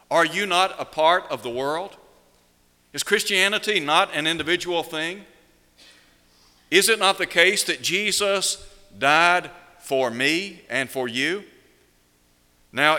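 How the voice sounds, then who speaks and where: A man preaching a sermon, asking rhetorical questions and slowing down to stress key words. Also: a little high, sharp tone, in a large hall. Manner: measured preaching, slows down for emphasis, rhetorical questions.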